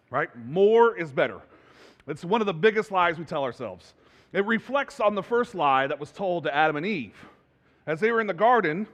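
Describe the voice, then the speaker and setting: A man preaching a sermon as pastor, in a conversational, animated way that builds to loud emphasis. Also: sits high. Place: church sanctuary. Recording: reverberant church hall.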